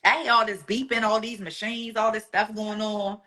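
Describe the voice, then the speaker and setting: A woman guest telling an emotional personal story, animated and acting out the voices of the people she quotes. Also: medium pitch, normal speed.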